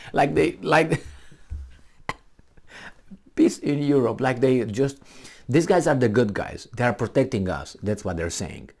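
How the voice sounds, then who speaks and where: A middle-aged man rants in sarcastic commentary, firing off rhetorical questions. His voice swings up and down with a lively, animated pitch while he stays combative from start to finish. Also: slow pace, creaky, pauses often. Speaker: political commentator. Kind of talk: ranting commentary.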